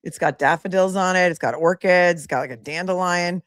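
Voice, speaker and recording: A woman's voice: on the low side, a little fast, no echo, studio quality. A woman attorney hosting a live commentary stream, chatty and sassy, laughing often as she talks to viewers.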